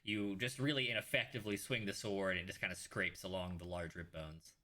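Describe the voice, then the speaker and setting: Bright-voiced male game master, low-pitched. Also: steady tone. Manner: casual, halting with fillers and restarts. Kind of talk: narrating a tabletop game.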